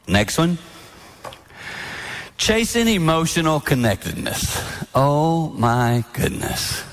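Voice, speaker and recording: A man in his sixties giving a sermon-style talk on marriage, animated and storytelling, acting out other people's lines. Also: mid-range voice. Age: 60s. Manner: animated storytelling with mimicked voices. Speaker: speaker at a marriage event. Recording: long hall reverb.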